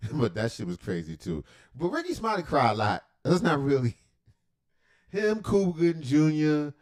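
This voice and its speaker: Lively, rambling man reacting on stream. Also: fairly high pitch, normal speed. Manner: rambling, profane, joking asides. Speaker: livestream reaction host. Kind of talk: casual reaction commentary.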